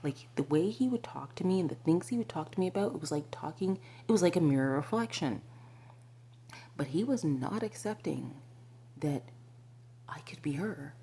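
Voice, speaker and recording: A woman telling a personal spiritual story to her viewers, confiding and often slipping into a breathy whisper, with many asides to the listener. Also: low-pitched, animated, moderate pace, dark tone. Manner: frequent fillers and asides to the listener. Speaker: spiritual vlogger.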